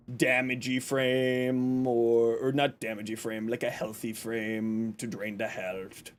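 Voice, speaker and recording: Lively high-voiced male game streamer. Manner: upbeat, greets chat by name; playfully sarcastic. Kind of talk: casual live-stream chat.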